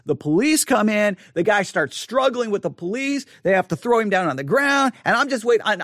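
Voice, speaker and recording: A middle-aged man with a notably high-pitched voice tells a story in a casual, rambling monologue. He gets animated, acting out people's lines and building nearly to a shout when he is exasperated. The sound is dry, with almost no room echo. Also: a little fast, few pauses. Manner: animated, acts out quotes, rises to near shouting when exasperated.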